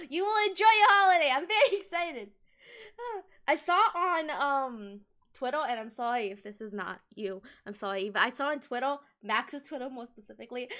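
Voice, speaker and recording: A woman's voice: high voice, a bit bright. A woman from Colombia chatting casually with viewers on a livestream, giggling often and talking animatedly with her hands near a desk microphone. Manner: giggly, laughs often between sentences.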